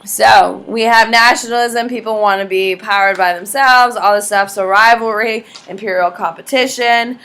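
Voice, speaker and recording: A woman's voice: mid-range voice, fairly even intonation, normal speed, hardly any pauses, a bit bright. A woman teaching a history class in a casual, joking way, quizzing students by name and acting out countries in funny voices. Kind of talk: classroom lecture. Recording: echoey classroom from far off with faint ambience.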